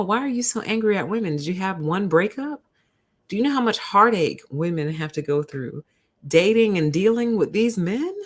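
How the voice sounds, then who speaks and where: A woman with a medium-pitched voice hosts a livestream, animatedly telling her chat a story. She calls her listeners "honey" and "y'all."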